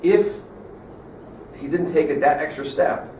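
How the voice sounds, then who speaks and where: A man's voice: fairly high pitch, measured pace, dark tone. A man, a student in a class discussion, building an argument with examples. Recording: echoey room, far from mic, faint noise.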